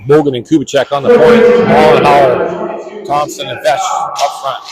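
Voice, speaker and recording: A man calling a high school hockey game play by play, talking in a quick running flow and correcting names as he goes. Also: steady tone, a loud crowd, low-quality recording. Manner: rapid running description with self-corrections. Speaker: play-by-play announcer. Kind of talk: live hockey commentary. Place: ice rink.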